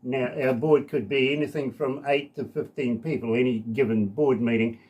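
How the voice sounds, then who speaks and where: A man's voice: medium pitch, steady tone, normal speed, a little mellow. A man from New Zealand hosting a radio interview, chatty and jokey, poking fun at himself. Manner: jokey, chatty, self-deprecating. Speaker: radio host.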